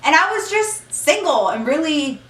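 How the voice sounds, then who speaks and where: A woman's voice: high-pitched, very animated, moderate pace, a bit bright. A woman vlogger telling a casual story, chatty, often saying y'all and acting out what people said. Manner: chatty, acts out quotes, says y'all. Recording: echoey room, mic at a distance.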